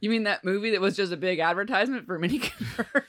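A woman telling a story on a podcast, her bright voice rising and falling in a lively way. She acts out the quotes of the people in her story as she goes. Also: medium pitch, quick pace. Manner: animated retelling, acts out quotes. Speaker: podcast co-host. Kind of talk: casual storytelling chat.

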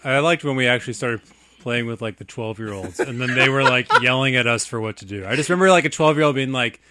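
A man's voice: mid-range voice, quick pace, noisy background. A young man on a podcast, casually telling a rambling story and laughing often. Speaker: podcast co-host. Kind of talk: casual chat.

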